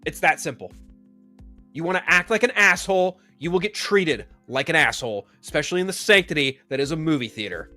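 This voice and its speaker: Profane ranting man, high and lively. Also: a little fast, faint music behind. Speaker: commentary show host. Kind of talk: ranting commentary.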